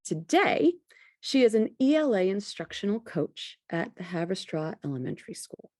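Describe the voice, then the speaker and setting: A woman hosting a podcast interview, introducing her guest and then reflecting in a measured, deliberate way. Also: mid-range voice, big pitch swings, a little mellow, no echo, studio quality. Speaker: podcast host.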